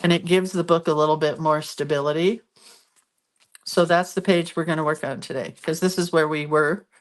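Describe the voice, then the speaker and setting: This woman, low-voiced and speaking at a normal speed with fairly even intonation, runs a laid-back crafting demo. She's congested and sniffly, chatty and self-deprecating, laughing at herself as she keeps working.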